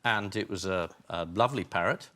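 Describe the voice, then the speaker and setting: A man on a comedy panel show, answering in a dry, deadpan way. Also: lowish voice, fairly quick, slight background noise. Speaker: panel show team captain. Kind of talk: dry comic banter.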